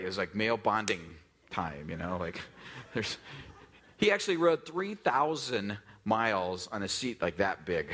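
Lively, joking man preaching a sermon. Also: lowish voice. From US West Coast. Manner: conversational, jokey storytelling with many fillers; acts out quoted voices, drops to a hush for emphasis. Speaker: pastor.

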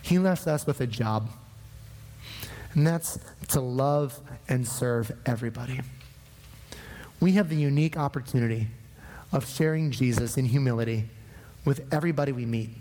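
A man's voice: medium pitch, moderate pace, long pauses, big-room sound. A man from northern Minnesota preaching a sermon, telling a personal story with acted-out dialogue. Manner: animated storytelling, acting out dialogue. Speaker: pastor.

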